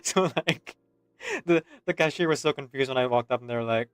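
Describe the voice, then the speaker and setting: A man's voice: medium pitch, a little fast, no echo, faint music behind. A man streaming a game, telling a rambling story in casual voice chat and laughing as he goes.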